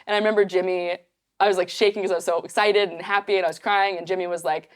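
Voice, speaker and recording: A young woman guest on a podcast, telling stories in a casual, animated way with lots of fillers. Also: lowish voice, quick pace. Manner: animated, acts out quotes, many fillers. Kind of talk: casual storytelling.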